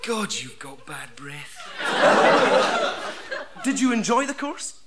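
A man's voice: high voice, sing-song, takes it slowly, very noisy, heavily acted. A Scottish man playing a falsely sweet male job interviewer with a gushing, mock-polite manner. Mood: mock-nice. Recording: live audience laughing.

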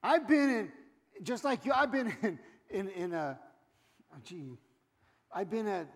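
A middle-aged pastor preaches a sermon in a church sanctuary, his high voice a little slow yet animated. He swings from loud exhortation to quiet asides, and the recording has long hall reverb.

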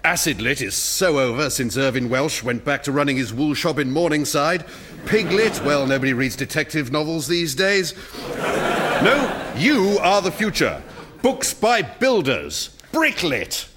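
Actor as smooth-talking agent, lively pitch, salesy patter. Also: male voice, background noise. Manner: gushing, fast sales patter, mock-confiding. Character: gushing male literary agent, smooth talker.

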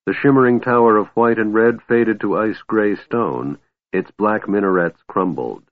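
Male audiobook narrator, lowish voice, measured fantasy reading, tinny dry audio. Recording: narrow phone-like audio, dry.

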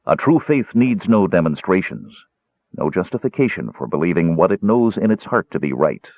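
A man's voice: low-pitched, sing-song, moderate pace, no room sound, heavily acted. A man voicing a stern, solemn old male elf cleric who appears as a ghostly spirit. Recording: tinny phone-like dry sound.

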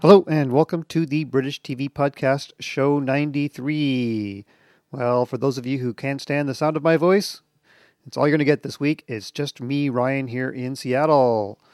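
A man's voice: medium pitch, fairly even intonation, moderate pace, darkish tone, no echo. A man hosting a podcast on his own, chatting casually with dry, self-deprecating jokes. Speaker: podcast host. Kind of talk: casual solo podcast monologue.

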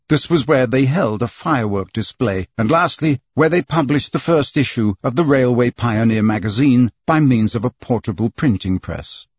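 A man narrating an audiobook in an expressive storytelling manner. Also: mid-range voice, breathy edge, no echo. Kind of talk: scripted narration. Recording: dull, dry recording.

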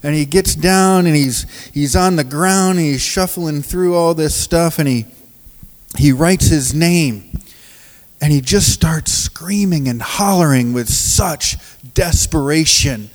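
A man preaching as a pastor of a recovery ministry, telling stories from the pulpit in a halting, restarting way and often laughing as he talks. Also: on the high side, in a large hall. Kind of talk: sermon with storytelling. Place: church sanctuary.

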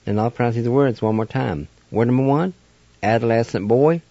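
A man's voice: medium pitch, expressive, normal speed, mellow, no room sound, lo-fi sound. A man hosting a radio language lesson, patiently spelling words letter by letter and sounding them out. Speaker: language teacher and radio host. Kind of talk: slow spelled-out pronunciation lesson.

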